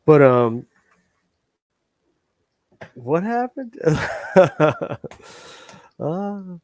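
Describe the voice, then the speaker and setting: A man's voice: a little high, sing-song, very slow, darkish tone, no echo. A man hosting a livestream, ranting in a heated, profane and rambling way. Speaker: livestream host.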